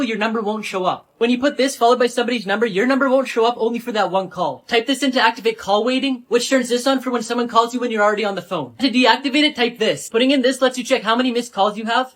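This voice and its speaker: A woman giving brisk, matter-of-fact scripted narration for comedy skits. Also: a little high, a bit bright. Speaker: comedy skit creator.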